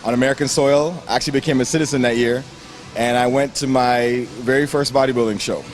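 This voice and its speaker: A young man from Grenada with a Grenadian accent, a bodybuilder telling his story in a gym interview, lively and acting out the voices of the people he quotes. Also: mid-range voice, fast talker. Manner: animated storyteller who acts out quoted voices and laughs often.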